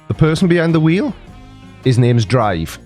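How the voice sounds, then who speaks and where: A man's voice: on the high side, a little mellow. A Welsh man in his forties, a comedy host explaining local sayings in a dry, mock-serious, playful way. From Wales. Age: 40s. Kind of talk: scripted comic explainer to camera.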